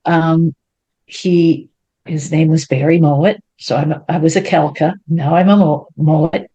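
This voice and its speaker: A woman, an interview guest telling her life story in a lively way and acting out what people said. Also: low-pitched, unhurried, husky, lo-fi sound. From Ontario, Canada. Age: 70s. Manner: animated, acts out quoted speech in a raised voice.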